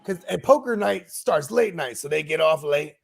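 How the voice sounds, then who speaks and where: Animated gravelly man, casual podcast chat. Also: on the high side, moderate pace. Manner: animated storytelling, slangy, laughs often. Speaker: podcast co-host.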